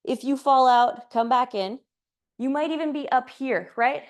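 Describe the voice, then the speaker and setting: High-pitched and measured, a yoga teacher runs a live class, pacing her cues to the breath and chatting between poses with gentle laughs. She's out of breath from moving along with everyone.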